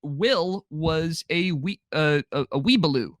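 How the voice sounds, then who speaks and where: A man's voice: fairly high pitch, measured pace, no room sound, clean studio sound. Joking young man recapping a movie. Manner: joking, acts out quoted characters in mocking voices. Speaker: podcast co-host. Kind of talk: casual movie review chat.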